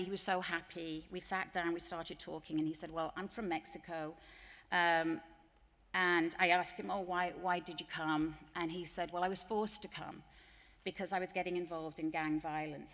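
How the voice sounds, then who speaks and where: A woman's voice: lowish voice, gravelly, fairly bright tone. A woman with an English accent giving a conference plenary to teachers, telling earnest stories and mimicking voices in quoted dialogue. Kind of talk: conference keynote talk with anecdotes. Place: large conference hall. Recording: long hall reverb.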